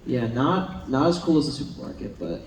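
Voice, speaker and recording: Speaking briskly at medium pitch, the young man tells casual, rambling stories on a panel, animated and laughing often. The sound comes from far off in a big, echoing convention hall, with the crowd audible behind him.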